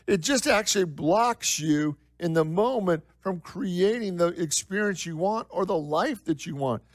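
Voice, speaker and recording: Conversational preaching man, slightly high voice. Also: no echo. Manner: conversational preaching, with rhetorical questions to the congregation; repeats phrases for emphasis, slows down for key lines. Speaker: minister. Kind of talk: sermon. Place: church.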